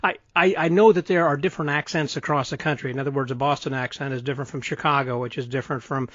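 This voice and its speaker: A man's voice: medium pitch, fairly even intonation, quick pace, fairly bright tone, no room sound. Man, 60s, American with Southern touches, podcast host, thoughtful, rambling, dry dull audio. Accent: American, with Southern touches from Texas. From central United States. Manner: thoughtful, wandering, self-correcting. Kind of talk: casual interview conversation.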